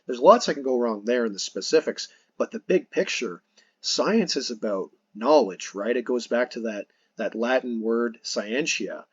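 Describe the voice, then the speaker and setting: A man's voice: medium pitch, animated, normal speed, breathy edge, dry recording, highs cut off. A man hosting a podcast, earnestly explaining his points in casual conversation, restarting phrases as he goes. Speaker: podcast host.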